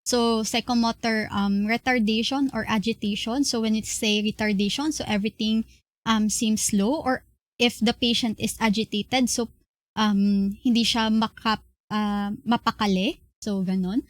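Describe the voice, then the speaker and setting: A young woman with a Filipino accent giving an online class lecture, explaining slowly with many fillers and restarts. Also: a little high, steady tone, no echo. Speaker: class presenter.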